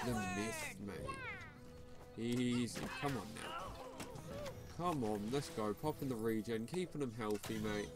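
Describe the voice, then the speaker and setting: A young man giving casual, slangy commentary on his mobile game, tacking "mate" onto nearly every line. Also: mid-range voice. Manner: laid-back, slangy, says "mate" constantly. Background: background music.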